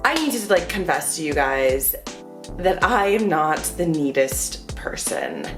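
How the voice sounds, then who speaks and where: Young American woman vlogger, lowish voice, chatty and lively, roomy bedroom sound with faint music. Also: unhurried. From United States. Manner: chatty, animated, with frequent fillers. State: out of breath. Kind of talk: casual Q and A vlog. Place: indoors at home, bedroom.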